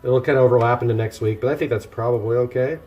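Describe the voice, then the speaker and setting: A man's voice: medium pitch, steady tone, quick pace, lo-fi sound, faint music behind. A man live-streaming himself cooking, chatting casually and joking at his own expense as he works. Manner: chatty and self-deprecating, talking to chat while working. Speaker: livestreamer cooking meal prep. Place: home kitchen.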